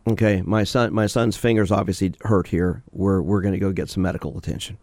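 Radio host, male, low voice, dry close sound, direct advice-giver. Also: steady tone, brisk, darkish tone, no room sound. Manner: direct, questioning, advice-giving. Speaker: radio show host, sport psychologist. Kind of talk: call-in radio talk.

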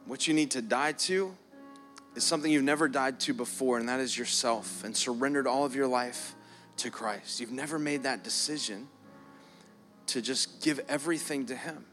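A man's voice: medium pitch, moderate pace, soft background music. A man preaching a sermon as pastor in a church, earnest, often repeating words and stretching them out for emphasis. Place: church hall. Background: soft keys playing.

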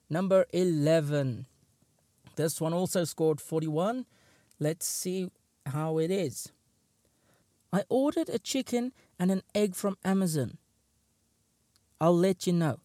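A man's voice: a little high, mellow, no room sound. A man hosting a casual comedy show, rating jokes with wry, dry remarks and frequent stammered restarts. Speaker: host. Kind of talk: casual comic commentary on jokes.

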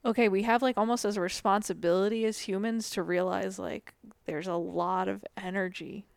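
A woman with a creaky, gravelly texture to her voice talks earnestly on a podcast, musing about ideas and swearing casually. The sound is dry and close to the mic. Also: mid-range voice, fairly even intonation, brisk, few pauses, no room sound. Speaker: podcast co-host. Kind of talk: casual chat.

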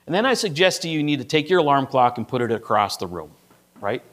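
A middle-aged male pastor giving a sermon in a relaxed, conversational way. He builds his point through a personal story, speaking in a middle pitch and stopping often to ask "right?". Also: fast.

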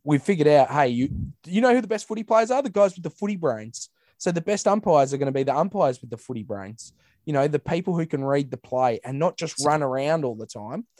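A man's voice: fairly high pitch, lively intonation, brisk, darkish tone, dry recording, clean studio sound. An Australian man in casual podcast chat, ranting bluntly with swearing and mimicking others. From Western Australia.

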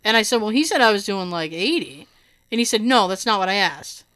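This woman, who has hearing loss in her right ear, is an animated storyteller in casual chat, acting out what people said and laughing often. Her mid-range voice moves a little fast.

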